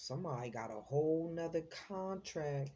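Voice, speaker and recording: Female tarot host, low mellow voice, casual and slangy, exclaims freely. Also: expressive, normal speed. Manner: chatty, slangy, exclaims as she reads the cards. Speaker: psychic tarot reader, host.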